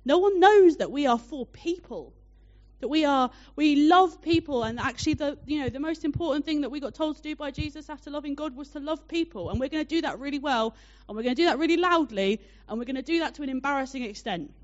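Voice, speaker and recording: A young woman preaching a sermon, telling a personal story in a chatty, animated way with many fillers. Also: sits high, fast talker. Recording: dull lo-fi sound.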